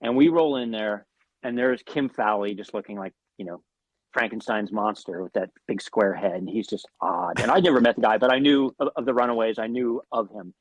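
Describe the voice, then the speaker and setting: A man's voice: lowish voice, a little fast, no echo. Guy telling a crazy band story, lots of swearing and restarts, dry close mic. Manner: animated anecdotes with swearing and restarts. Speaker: guest musician. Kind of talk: storytelling in an interview.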